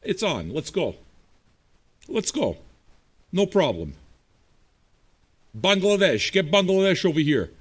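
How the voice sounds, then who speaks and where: A man's voice: high-pitched, sing-song, takes it slowly, long pauses, breathy edge. A man hosting a livestreamed music show, answering viewer chat in a blunt, profane, combative way. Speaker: streaming radio DJ host.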